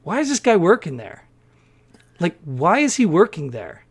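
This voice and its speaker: Animated man telling a story. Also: high-pitched, moderate pace, vocal fry, husky. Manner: animated storyteller, acts out quoted people. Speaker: podcast co-host. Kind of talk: casual storytelling chat.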